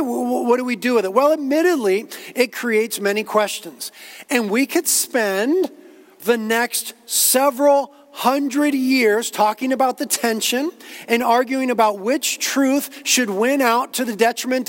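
A man's voice: very high voice, normal speed, long reverb tail. A man preaching a sermon as a pastor, earnest, repeating himself and quoting others as he builds his point. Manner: earnest preaching with repetitions and quotations.

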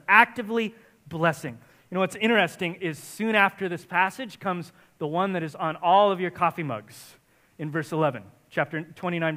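A man preaching a sermon as pastor, speaking emphatically and often rising to forceful exhortation. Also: high-pitched. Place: church in Santa Barbara area.

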